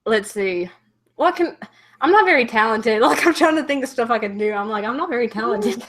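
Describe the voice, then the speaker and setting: A woman's voice: fairly high pitch, lively intonation, a little fast, fairly bright tone. A woman hosting a YouTube channel, chatting casually with a guest in a playful, giggly way. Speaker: YouTube host. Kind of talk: casual chat.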